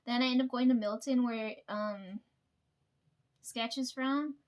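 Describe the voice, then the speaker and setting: A woman's voice: a little high, fairly even intonation, unhurried, darkish tone. A young woman telling rambling, profane work stories to the camera and laughing often. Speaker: vlogger. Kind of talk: casual storytelling.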